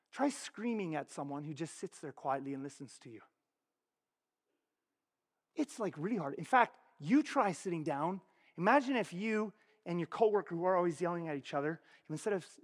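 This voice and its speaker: Man, high voice, pastor preaching, lively rhetorical questions, echoing church hall. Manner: animated, conversational preaching with frequent rhetorical questions. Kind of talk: sermon. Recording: long reverb of a church hall.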